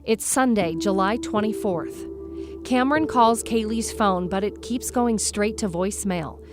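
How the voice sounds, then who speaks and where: Woman, host, scripted true-crime narration, measured storytelling, background music. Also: mid-range voice.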